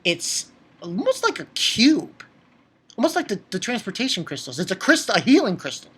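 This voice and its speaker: A man casually recapping an anime episode in an excitable way, swearing and stumbling over fillers and restarts. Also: sits high, normal speed, breathy edge.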